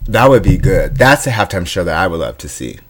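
A man co-hosting a comedy podcast, chiming in with quick agreements and deadpan quips. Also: deep voice. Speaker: podcast co-host. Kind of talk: comedic banter.

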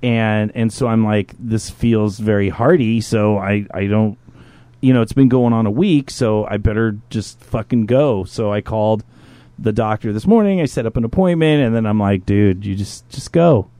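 A man's voice: on the low side, normal speed, clean tone, dry recording. A man hosting a podcast, telling a personal story in casual talk, swearing freely and acting out other people's lines. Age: adult, a parent. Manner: profane, animated, jumps into impressions of others. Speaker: podcast host.

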